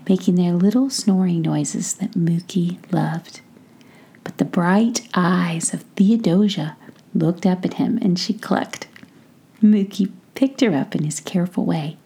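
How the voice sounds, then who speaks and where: A woman whispering a gentle bedtime story, soft and calm. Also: fairly low pitch, breathy edge.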